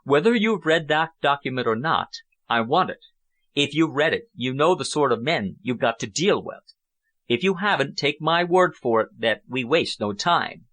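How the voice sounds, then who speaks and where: A man's voice: mid-range voice, animated, moderate pace, fairly bright tone, natural voice. A man reading an audiobook, voicing a menacing male burglar who has a slight foreign accent and a cold, threatening manner.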